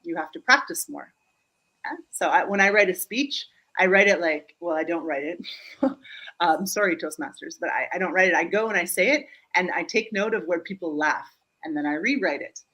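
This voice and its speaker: Joking woman from Germany, animated. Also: lowish voice, rough recording. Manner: animated, joking, quick asides; checks in with frequent "Yeah?". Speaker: guest speaker and humor coach. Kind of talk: live online interview. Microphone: video call.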